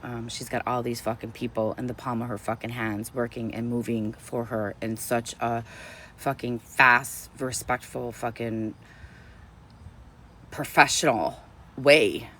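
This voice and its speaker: A woman's voice: very deep voice, steady tone, measured pace, fairly bright tone, slight background noise. A woman chatting casually on a livestream, effusive and gushing, swearing constantly as she talks. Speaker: streamer.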